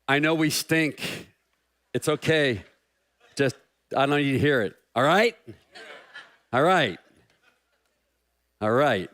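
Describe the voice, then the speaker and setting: Casting: middle-aged male pastor, slightly high voice, playful and self-mocking in a sermon. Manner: jokey, self-deprecating, animated.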